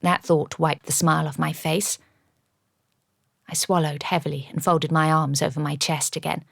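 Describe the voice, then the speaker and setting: A woman with a low, gravelly voice reads a first-person audiobook in a measured, even way. The recording is dry and close, with no room sound. Her voice has a steady, grounded texture. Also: no echo. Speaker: audiobook narrator.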